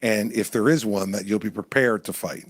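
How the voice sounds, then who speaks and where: A man's voice: fairly low pitch, moderate pace, studio quality. Punchy, plain-spoken man at a town hall. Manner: punchy, conversational, repeats lines for emphasis. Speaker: presidential candidate at a town hall. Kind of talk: town hall stump speech and Q&A. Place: indoor town hall venue.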